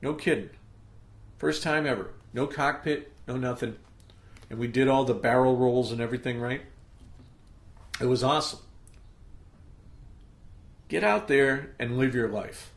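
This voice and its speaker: A man's voice: medium pitch, a little slow, pauses often, echoey room. A middle-aged man hosting a podcast, giving an emphatic motivational monologue that he punctuates with "okay?" check-ins. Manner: emphatic, pep-talk delivery with frequent "okay?" check-ins. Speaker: podcast host.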